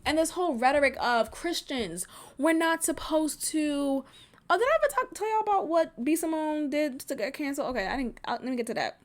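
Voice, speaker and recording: A woman hosting a podcast, giving impassioned and profane solo commentary that moves between tired, quiet stretches and angry outbursts. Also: high voice, animated, brisk. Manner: fiery, profane, swings from weary to shouting. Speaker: podcast host.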